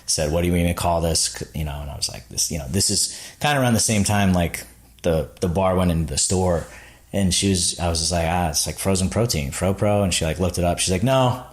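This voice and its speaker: A man with a very low, deep voice tells his founding story in a relaxed podcast chat. He acts out the people he quotes and fills his talk with "like" and "I was like.". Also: a little fast. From Florida. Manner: animated storyteller acting out quotes, lots of "like". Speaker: podcast guest, snack bar founder. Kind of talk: casual storytelling interview.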